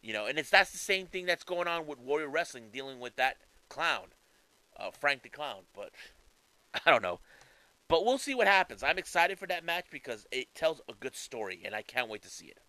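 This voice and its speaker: A man casually commentating on wrestling news, talking in an animated, conversational way with restarts. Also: fairly high pitch, moderate pace, dry recording, low-quality recording.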